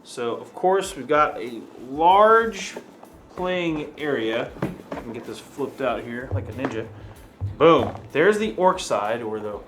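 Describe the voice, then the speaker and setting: A man's voice: mid-range voice, expressive, takes it slowly, fairly bright tone, faint music behind. A man hosting an unboxing, chatting casually, chuckling and thinking aloud as he goes. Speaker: host.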